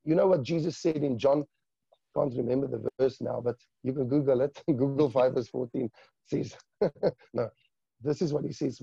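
A man giving a fervent, emotional spiritual testimony in conversation, halting often and restarting words. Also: mid-range voice, steady tone, vocal fry, warm tone, husky, dry recording, dull audio. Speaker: guest sharing a testimony.

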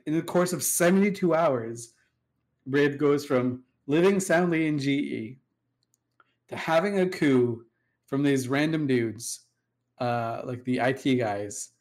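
A man tells a sprawling story in loose, casual chat. He swears freely and leans on fillers. He jumps into quoted dialogue as he goes. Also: a little high. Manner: rambling, profane, acts out quoted dialogue with fillers. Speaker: storyteller guest recounting game history.

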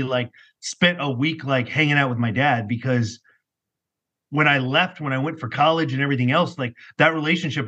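A middle-aged man telling his personal story as a podcast guest, animated and rambling, peppered with "like". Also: medium pitch, breathy edge. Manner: animated, rambling, heavy use of "like". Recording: muffled lo-fi recording.

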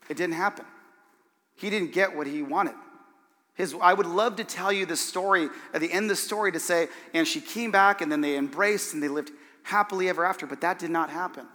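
A man gives a sermon as a pastor, telling a story with energy and acting out each voice in it. His voice sits a little high and has a bright, forceful edge. It rings with the long reverb of a large hall. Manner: animated, acts out the voices in his stories.

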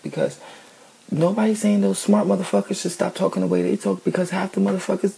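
A man's voice: high voice, fairly even intonation, quick pace, gravelly, warm tone, a little hiss or hum, rough recording. A man ranting casually, blunt and profane, often asking "you know what I'm saying".

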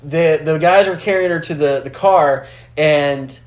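A man chats loosely about a film, rambling and swearing as he goes. His voice sits a bit high for a man and echoes around the room he's recorded in. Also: unhurried. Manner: rambling, swears freely, acts out characters. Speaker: podcast co-host. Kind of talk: casual chat about a film.

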